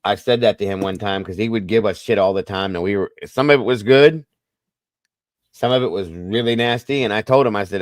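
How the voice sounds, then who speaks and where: A man's voice: fairly low pitch, fairly quick, no echo, clean studio sound. A man hosting a casual livestream, telling folksy stories and calling his viewers folks. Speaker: host.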